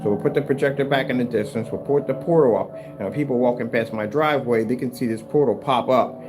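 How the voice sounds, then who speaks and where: A man's voice: medium pitch, quick pace. Guy chatting loose in his workshop about diy projector stuff, rambly, music going in the back. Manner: rambling, chatty, restarts often; talks to his cat in a raised scolding voice. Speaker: home theater screen maker. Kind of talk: casual workshop vlog.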